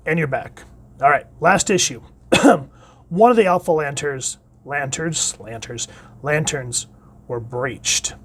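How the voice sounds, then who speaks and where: A man hosting a casual solo comic book review. He reads the comic's dialogue aloud with enthusiasm, and his voice often trails off quietly at the end of phrases. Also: medium pitch, slight background noise.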